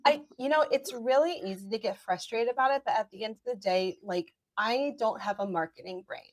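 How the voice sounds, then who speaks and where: A woman attorney, a podcast guest, giving legal advice in a steady run of points. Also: a little high, brisk, dry recording. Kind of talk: podcast interview.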